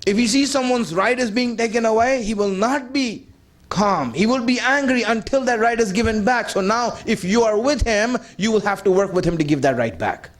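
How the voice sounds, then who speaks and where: A man's voice: sits high, expressive, normal speed. A man delivering a sermon, emphatic and conversational, repeating his key points and putting rhetorical questions to the audience. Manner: conversational, addresses the audience directly. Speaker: religious speaker.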